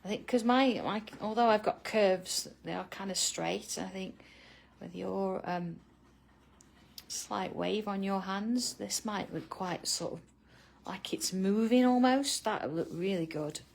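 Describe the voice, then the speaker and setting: Gravelly chatty woman. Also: mid-range voice, unhurried, darkish tone. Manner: chatty, laughs often, answers viewers by name. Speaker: art tutorial host. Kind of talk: chatty live drawing tutorial.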